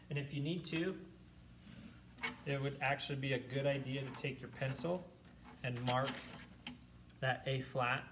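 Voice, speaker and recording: A man's voice: mid-range voice, recorded from a distance, background noise. A man teaching a school band lesson, explaining rhythms and chanting counts and syllables aloud for his students. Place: classroom.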